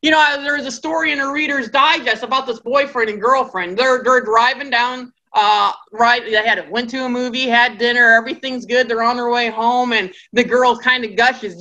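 A woman teaching a Bible study class in a lively storytelling style, acting out the people in her stories. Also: on the high side, normal speed, hardly any pauses, poor audio. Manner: acts out characters' voices in quotes.

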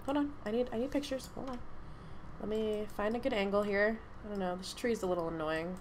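A young woman casually commenting on her game, excitable and gushing with chatty asides. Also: medium pitch, a little fast, a little hiss or hum. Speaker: gaming YouTuber. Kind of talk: casual let's-play commentary.

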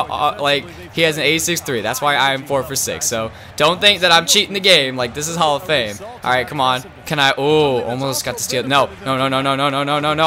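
A young man commentating his own basketball video game, muttering, then shouting at big plays. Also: on the high side. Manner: swings between muttering and excited shouting. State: nervous, voice strained. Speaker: gaming YouTuber. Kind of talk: live gameplay commentary.

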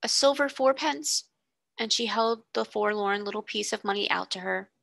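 A woman, a tutor, reading a children's novel aloud expressively, slowing on vivid words, on a close mic. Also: medium pitch, level tone, creaky, fairly bright tone, no room sound. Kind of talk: storybook reading.

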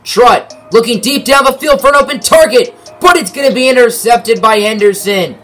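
A man's voice: very high voice, moderate pace, a bit bright, faint music behind. A young man narrating a football video game in mock sportscaster play-by-play, with dry asides. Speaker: gaming commentator.

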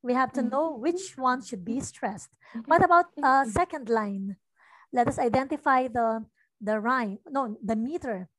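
A high-pitched woman teaching English online, speaking in an unhurried, deliberate way. She patiently repeats lines to show where the stress falls. Her voice sounds close and dry, with no room around it. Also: dry recording. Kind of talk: online tutoring lesson.

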